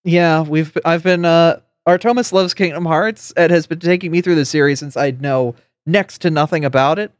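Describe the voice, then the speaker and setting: A woman's voice: sits low, moderate pace, few pauses, no room sound. Chatty woman streamer with a dry voice. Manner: friendly, rambling with fillers and repeated words. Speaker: streamer and host. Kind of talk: casual live-stream chat.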